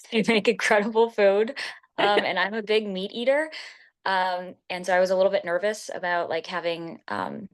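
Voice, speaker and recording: A woman's voice: mid-range voice, animated, moderate pace. A woman giving a casual interview testimonial as a retreat guest, rambling with lots of fillers and restarts.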